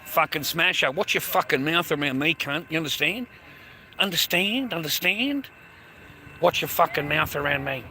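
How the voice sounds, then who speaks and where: A man's voice: a little high, expressive, normal speed, sharp tone, low-quality recording. An Australian man rambling crudely on a livestream from a train station, swearing constantly and greeting viewers by name. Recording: faint street noise.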